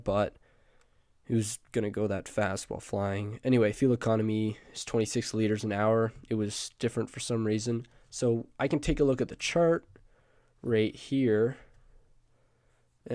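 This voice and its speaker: A man who is sick and hoarse gives a casual presentation on screen. He rambles, adds asides and keeps correcting himself. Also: mid-range voice, mellow, no room sound, studio quality. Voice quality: croaky. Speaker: student presenter.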